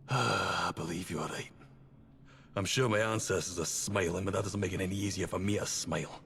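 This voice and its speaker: A man's voice: low-pitched, normal speed, gravelly, fairly bright tone. An actor with a Scottish accent playing a proud male trader who guards a prized charter in a video game. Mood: haughty.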